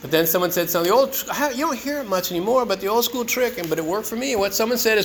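A man's voice: high-pitched, animated, very fast, hardly any pauses, a bit bright, slight background noise, poor audio. A man telling his own recovery story at a meeting, casual, earnest, and joking. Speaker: speaker sharing at a recovery meeting. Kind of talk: personal recovery share.

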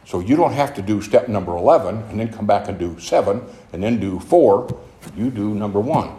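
A man quoting his quiet, gentle older woman sponsor in a soft, calm voice. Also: on the low side, a little fast, close to an everyday voice. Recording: echoey room, faint noise.

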